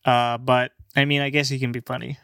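A young man rambling casually through a word list, halting and stammering, swearing and laughing along the way. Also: medium pitch, flat delivery, gravelly, a bit bright, smooth, no room sound, studio quality. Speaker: language video maker.

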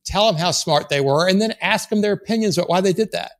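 A man's voice: high voice, fast. A man coaching salespeople in a blunt, emphatic way, swearing freely as he talks them through prospect meetings. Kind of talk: motivational coaching talk.

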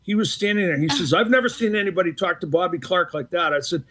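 An older retired hockey referee from the Boston area, appearing as a guest, tells anecdotes in a relaxed, casual interview. His voice sits high for a man and he talks fast, acting out both sides of old arguments while stumbling through fillers and restarts.

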